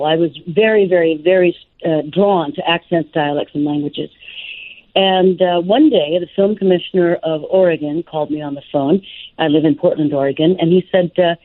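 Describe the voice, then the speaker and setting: A woman, a voice actor and dialect coach, talking as an interview guest in a lively, expressive and playful way. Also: lowish voice, normal speed. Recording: tinny phone-line audio.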